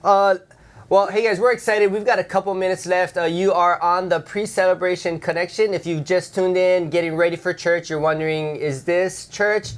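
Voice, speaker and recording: A man's voice: sits high, steady tone, normal speed. A man co-hosting a church livestream, chatting casually, joking and reading out viewers' messages. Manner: friendly and joking, reads out viewers' chat messages. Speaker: co-host of a church pre-service livestream. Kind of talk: casual chat.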